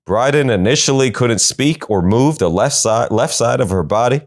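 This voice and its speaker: A man's voice: medium pitch, lively intonation, moderate pace. A man hosting a comedy podcast, reading odd news stories and cutting in with sarcastic quips. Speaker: podcast host.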